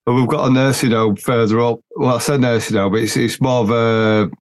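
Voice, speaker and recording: A man's voice: medium pitch, fairly even intonation, brisk. Blunt, rambling podcast host, a man. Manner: blunt, rambling, colloquial, with frequent "I says". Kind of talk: casual podcast chat.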